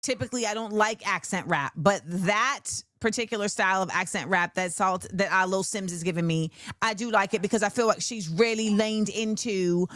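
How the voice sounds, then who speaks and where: In clean studio sound with no room noise, a talk show host with a mid-range voice talks about music at a moderate pace, barely pausing. Her casual livestream commentary is animated; she responds to the chat and sings snippets.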